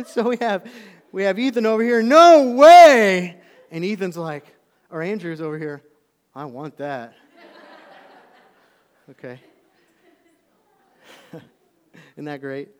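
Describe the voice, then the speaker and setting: A man preaching a sermon, telling stories with lively swings between loud calls and hushed asides. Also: high voice, moderate pace, long pauses. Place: church auditorium. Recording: long reverb of a large hall.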